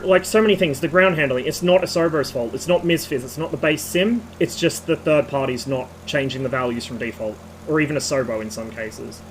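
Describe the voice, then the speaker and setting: A slightly hoarse man streaming, giving a rambling technical rant with casual swearing. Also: medium pitch, a little hiss or hum, rough recording.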